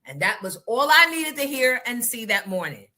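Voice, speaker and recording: Woman, middle-aged, radio morning host, casual storytelling, blunt and profane, high and bouncy pitch. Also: sing-song, normal speed, pushed and bright.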